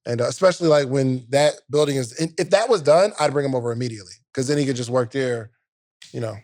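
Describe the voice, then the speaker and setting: A man's voice: medium pitch, fast, no echo, clean studio sound. A man co-hosting a podcast, casually retelling a story with lots of quoted back-and-forth and street slang. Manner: animated retelling with quoted dialogue, slang-heavy. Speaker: podcast co-host.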